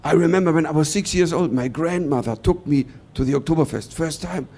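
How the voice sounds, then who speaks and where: Doing stand-up, a Bavarian man with a German accent tells stories with energy and performs other people's dialogue. His voice runs a little high and his pace a little fast.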